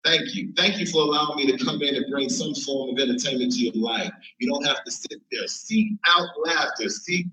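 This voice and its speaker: Man from Chicago, stand-up comic, high and bright voice, animated, laughs at his own jokes. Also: brisk, few pauses. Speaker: stand-up comedian. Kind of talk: stand-up comedy. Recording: roomy, from far mic.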